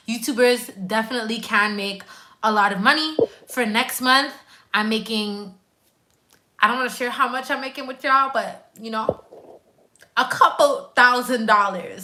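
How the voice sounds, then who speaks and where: A woman from Quebec, Canada, speaks at a measured pace in a fairly high voice, with a little background noise in the clip. She's a nurse and YouTuber chatting casually on a live stream and answering viewer comments with slangy, emphatic asides.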